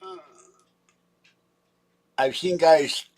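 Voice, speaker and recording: A man's voice: fairly high pitch, extremely slow, darkish tone. An older man rambling in a casual livestream from his home computer, wandering between stories with a self-mocking manner. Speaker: livestream host.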